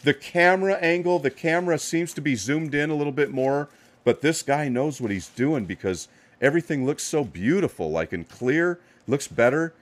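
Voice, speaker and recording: A middle-aged man hosting a live card-opening stream, giving upbeat, hyped shout-outs to chat viewers while a little tired. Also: a little high, expressive, normal speed. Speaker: live card-break host.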